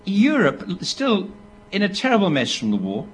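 A man, preaching a sermon in an animated storytelling way, with asides to the people listening. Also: sits high, moderate pace, slight background noise. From Britain. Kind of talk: sermon to a live audience.

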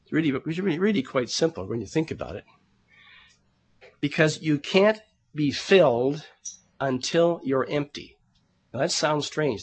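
Earnest male preacher, slightly high voice. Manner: earnest, conversational preaching, addressing the congregation as brethren; repeats words as he searches for them. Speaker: pastor. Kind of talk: sermon.

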